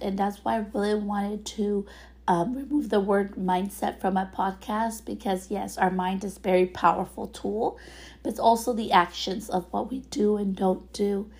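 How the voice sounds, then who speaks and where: A woman with a raspy voice, hosting her own podcast from home and talking in a chatty, motivational way. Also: mid-range voice, darkish tone. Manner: chatty, motivational, loose with fillers. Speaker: podcast host. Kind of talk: casual solo podcast monologue.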